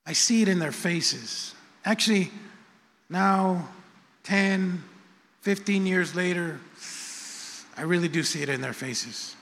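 Slow, high-voiced pastor in an echoing church. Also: male voice, fairly bright tone. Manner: conversational, repetitive, self-deprecating asides. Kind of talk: sermon. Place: church sanctuary. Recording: long church hall reverb.

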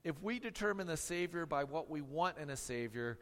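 Male pastor, wry storyteller, a touch high-pitched, heard in an echoing church hall. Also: lively intonation, normal speed, fairly bright tone. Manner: humorous, tongue-in-cheek storytelling. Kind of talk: sermon.

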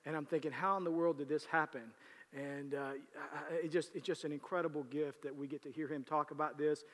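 A man's voice: a little high, steady tone, brisk, a bit bright. A man preaching as pastor, moving from casual, joking announcements into an emphatic sermon. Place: church sanctuary. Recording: reverberant church hall.

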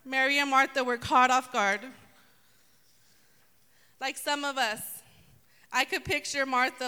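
Woman preacher, high voice, bright tone, animated storytelling, long reverb. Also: smooth. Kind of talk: sermon with humor.

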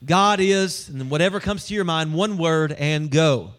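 A man's voice: a little high, normal speed, a bit bright. A man preaching a sermon, conversational and humorous, talking directly to his congregation. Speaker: pastor.

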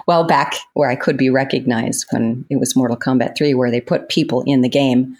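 An actress with a bass voice talks at a moderate pace during a casual interview. She tells her stories with lots of laughter, playing out people's quotes in an animated way.

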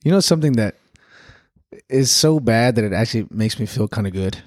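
This co-host talks fairly quickly at a medium pitch, spinning animated stories about waiting tables during a relaxed podcast conversation. He laughs a lot, and the audio is clean studio sound without any room tone.

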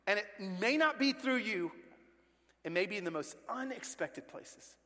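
A man in his forties preaching a sermon as pastor, telling family stories with lively acted-out voices. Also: sits high, moderate pace. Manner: animated storytelling, acting out family voices. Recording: long reverb of a large hall.

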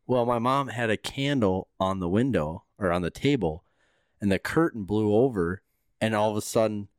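Podcast co-host, lowish voice with lots of swing, dry close mic, chatty. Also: male voice, animated, normal speed, clean tone, no echo. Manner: chatty, laughs as he tells it. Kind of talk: casual storytelling among friends.

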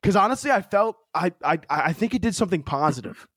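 A man's voice: high voice, quick pace, husky, no room sound, clean studio sound. A young man co-hosting a podcast, telling a story in a loose, swearing way full of "like" fillers. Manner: animated storyteller, heavy "like" fillers, swears freely. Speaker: podcast co-host. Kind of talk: casual storytelling chat.

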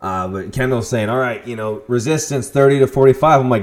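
A young man hosting a podcast, telling a story in a casual, profane monologue with sudden loud outbursts. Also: mid-range voice, fairly even intonation, brisk, hardly any pauses. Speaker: podcast host.

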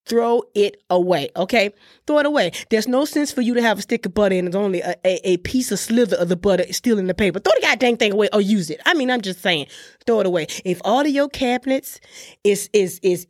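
A woman's voice: mid-range voice, brisk, dry recording, clean studio sound. A woman radio host on an emphatic, scolding rant, calling listeners "honey" and pressing "okay?". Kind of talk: ranting monologue. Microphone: studio microphone.

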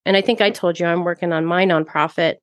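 A woman with a fairly low voice talks earnestly on a podcast. Her speech is heartfelt and chatty, full of fillers. The sound is dry and close-miked. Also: fairly even intonation, fast, no echo. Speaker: podcast co-host. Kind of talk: casual podcast chat.

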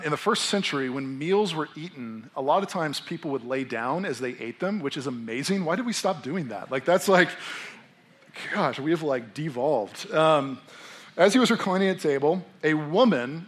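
A young adult man, a pastor preaching a sermon in a casual, conversational way, acting out the people in his story. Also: a little high. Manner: animated, conversational, acts out characters.

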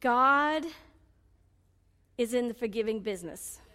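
A woman preaching a sermon, swinging between loud pleading cries and low confiding asides. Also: expressive, measured pace, big-room sound.

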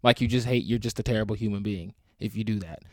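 A man's voice: lowish voice, quick pace, darkish tone, no echo, clean studio sound. A young man hosting a solo podcast, talking in a rambling, crude and jokey way. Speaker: podcast host. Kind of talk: solo casual chat.

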